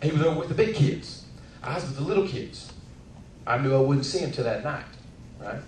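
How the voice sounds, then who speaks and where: Energetic man speaking in an echoey hall. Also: medium pitch, fairly quick, a little hiss or hum. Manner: energetic, pulls in the crowd. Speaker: motivational speaker. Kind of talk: keynote speech with storytelling. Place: large hall with an audience. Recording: echoey hall, distant mic.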